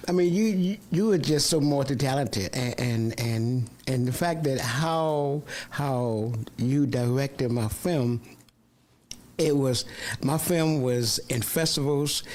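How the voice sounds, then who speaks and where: A man's voice: mid-range voice, slow pace, darkish tone. Enthusiastic male radio host. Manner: enthusiastic, effusively complimentary. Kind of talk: casual interview chat.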